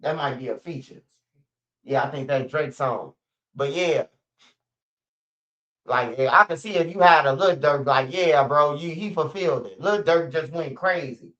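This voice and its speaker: A man from Chicago with a Chicago accent hosts a livestream, offering blunt, profane street-talk commentary. His voice sits on the high side and is a bit bright, unhurried, with long pauses, and the stream audio is muffled and lo-fi.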